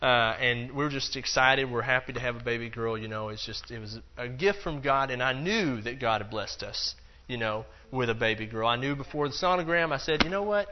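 A man's voice: medium pitch, a little fast, few pauses, highs cut off, slight background noise. A man teaching a Bible lesson in a loose, conversational way, acting out the quotes and dropping in plenty of fillers. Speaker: preacher.

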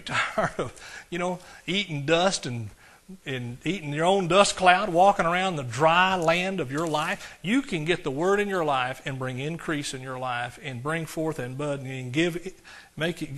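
A man preaching a sermon to a congregation, swinging between loud declarations and quiet asides and asking the crowd questions. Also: on the high side. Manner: talks directly to the congregation, asks questions. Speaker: pastor.

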